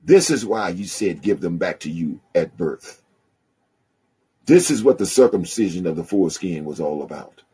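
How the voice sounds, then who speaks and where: A male pastor from the rural South with a country accent, preaching and reading scripture in a husky voice with a swelling, pausing cadence. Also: deep voice, sing-song, warm tone. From rural American South. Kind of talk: sermon.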